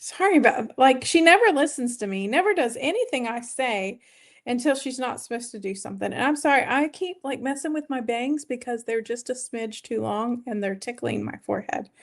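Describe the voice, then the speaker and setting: Lady vlogger rambling on a home live stream, kinda high voice, chatty, keeps greeting folks. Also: fairly quick. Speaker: weight-loss vlogger hosting a live stream. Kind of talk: casual live-stream chat.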